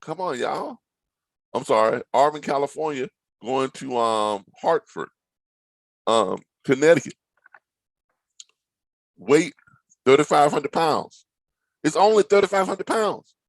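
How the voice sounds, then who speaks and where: A man, a logistics trainer walking viewers through a load board, animated and playfully dramatic with teasing asides. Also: fairly high pitch, takes it slowly, long pauses, no room sound, low-quality recording. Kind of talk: screen-share tutorial talk.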